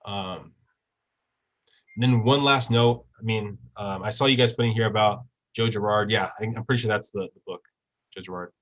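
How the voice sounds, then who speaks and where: A man's voice: on the low side, fairly even intonation, normal speed, fairly bright tone, poor audio. A man giving a casual real estate training talk over a video call, often checking in with tag questions.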